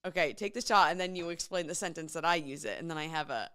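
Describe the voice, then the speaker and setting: A woman's voice: low-pitched, a bit bright, smooth. A woman co-hosting a casual podcast chat, teasing her co-host and pushing back on him. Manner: teasing, quick to push back.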